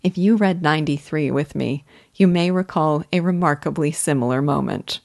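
Low-voiced woman guiding through a novel. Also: gravelly, a little mellow, no echo, studio quality. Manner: earnest, admiring, measured reading. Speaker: literature guide. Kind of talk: scripted literary commentary.

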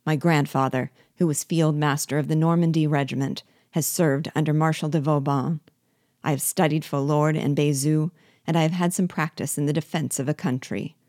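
A woman's voice: low-pitched, steady tone, moderate pace, a little mellow, no room sound, studio quality, lightly acted. A woman reading a commanding veteran officer. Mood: urgent. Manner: urgent, commanding. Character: forceful veteran male officer, urgent and commanding.

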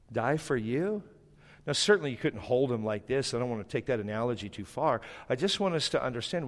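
A man's voice: mid-range voice, long reverb tail. A man pastor delivering a sermon in a church, emphatic and building phrases in repeated lists.

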